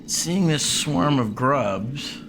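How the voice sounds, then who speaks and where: Guy narrating a tabletop game, lots of ums, lively voice, music in the background. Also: medium pitch. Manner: unhurried, many ums. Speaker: game master.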